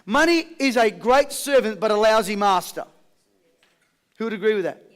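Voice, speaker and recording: A man with a very high voice runs a motivational seminar. He talks with constant energy, calls on the audience to answer and repeat after him, and drops jokey stories along the way. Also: moderate pace. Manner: energetic call-and-response with the crowd; jokey storytelling. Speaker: motivational speaker. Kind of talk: live seminar talk.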